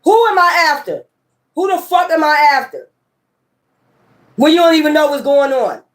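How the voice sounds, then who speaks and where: A woman's voice: high voice, very animated, normal speed. A woman tarot reader in a casual ranting monologue. She talks emphatically, swears and repeats her points. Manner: emphatic, profane and repetitive.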